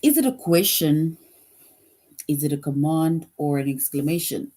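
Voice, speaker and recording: A woman's voice: sits low, lively intonation, unhurried, warm tone. A woman teaching a grade school grammar lesson, patient, repeating each point and often checking in with "right?".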